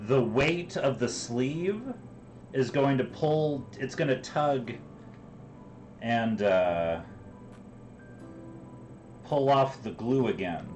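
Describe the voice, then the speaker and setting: A man's voice: medium pitch, animated, extremely slow, long pauses, darkish tone, soft background music, low-quality recording. A man streaming live from his kitchen while crafting, chatting in a rambling, joking way. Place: home kitchen.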